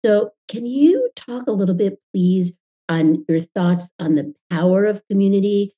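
Enthusiastic woman podcast host, mellow voice. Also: mid-range voice, measured pace, highs cut off. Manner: enthusiastic, friendly questioning. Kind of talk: interview hosting.

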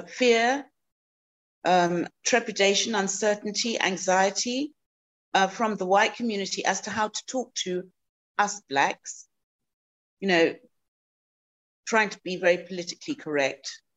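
A woman from South Africa, a guest answering interview questions thoughtfully, with many pauses and ums. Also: medium pitch, a little hiss or hum.

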